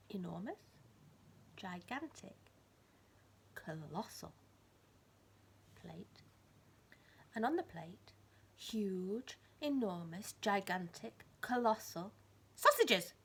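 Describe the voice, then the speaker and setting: A woman teacher reading a storybook aloud to children, swinging between hushed whispers and loud emphasis. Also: mid-range voice, slightly rough.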